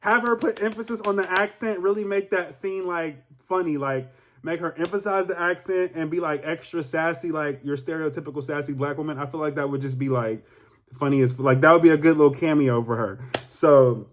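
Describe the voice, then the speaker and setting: A young man, casually talking through a vlog with animated, rambling, profane speech full of fillers. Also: a little high, fairly quick, a little hiss or hum. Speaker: YouTuber.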